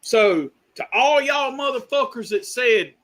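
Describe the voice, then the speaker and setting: Man, very high bright voice, slow deliberate pace, heated cursing rant, live stream. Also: animated. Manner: heated, profane, exasperated. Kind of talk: angry political rant.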